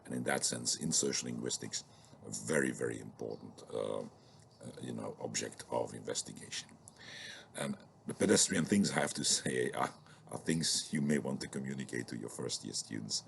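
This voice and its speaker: A man's voice: very deep voice, normal speed, vocal fry, slight background noise. A middle-aged man lecturing informally on sociolinguistics, thoughtful and hesitant, with many fillers and restarts.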